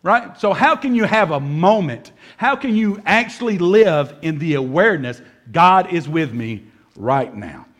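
A man's voice: a little high, expressive, unhurried, a bit bright. A man preaching as a pastor, talking to his church in a conversational, humorous way and often checking in with "right?". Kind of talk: sermon. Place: church service.

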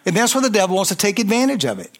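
A man preaching a sermon, fervent, with call-and-response and swings between loud emphasis and quiet intensity. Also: high-pitched, very animated, racing.

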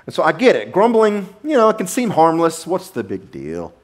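A male pastor preaching a sermon to his congregation in a church, animated, with sudden drops to a low murmur. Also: moderate pace. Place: church sanctuary.

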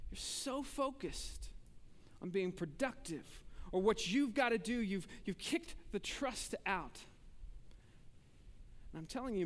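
A man preaching a sermon as pastor, talking conversationally and swinging between emphatic bursts and hushed asides. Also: extremely high pitch, long reverb tail.

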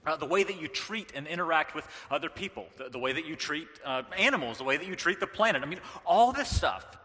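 A middle-aged man from the American South giving a lively, joking sermon as a pastor. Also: fairly high pitch, fast, big-room sound. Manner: animated, joking, with playful impressions.

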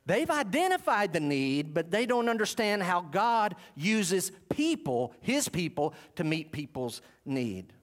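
A man preaching a sermon, switching between emphatic preaching and low, contemplative asides. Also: sing-song, unhurried, few pauses. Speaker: pastor.

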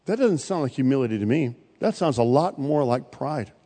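A male pastor preaching a sermon, swinging from loud bursts to quiet, pointed asides. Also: on the high side, lively intonation, fairly quick, few pauses. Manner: preaching with sudden loud rises and quiet drops. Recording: long hall reverb.

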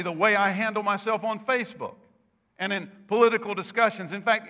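A man's voice: sits high, sharp tone. A man preaching a sermon, telling stories and stressing points with emphatic rises. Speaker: pastor.

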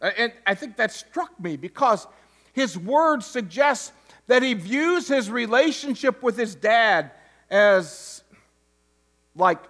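A man's voice: high-pitched, a bit bright. A man, an interim pastor, preaching a conversational sermon with joking asides and frequent restarts. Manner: restarts and stumbles over words.

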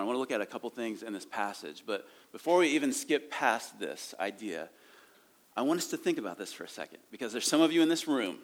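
A man preaching a sermon in a church, reading scripture and breaking off into casual asides and chuckles. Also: medium pitch. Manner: animated and conversational, reading scripture aloud with asides and laughs. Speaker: pastor. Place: church sanctuary.

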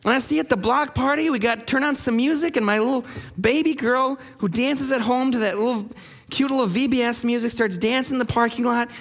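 A man who pastors a church, preaching a sermon and telling stories with lively acted-out quotes. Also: very high-pitched, brisk, long reverb tail. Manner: animated storyteller acting out quoted people. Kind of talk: sermon storytelling.

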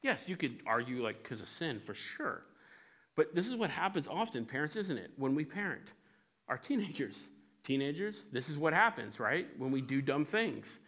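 A man preaching a sermon, telling stories in an animated way with frequent restarts. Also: a little high, moderate pace. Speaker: pastor.

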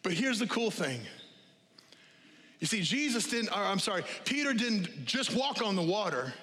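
A male pastor preaching a lively, conversational sermon to a congregation, repeating key phrases and dropping humorous asides. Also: sits high, moderate pace. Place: church auditorium with live congregation. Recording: long hall reverb.

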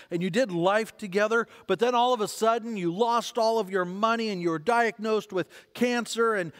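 A man preaching a sermon as pastor, animated, often repeating words and restarting phrases. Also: high-pitched, long reverb tail.

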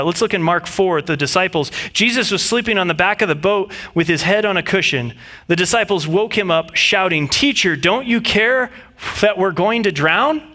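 A man's voice: sits high, sharp tone. A man preaching a sermon in an earnest, conversational way, reading scripture and often restarting his sentences. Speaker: pastor.

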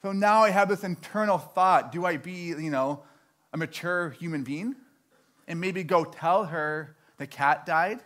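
Man, young adult, stand-up storyteller, bright voice, slightly high, animated, self-mocking. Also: a little slow. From Canada. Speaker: stand-up comedian.

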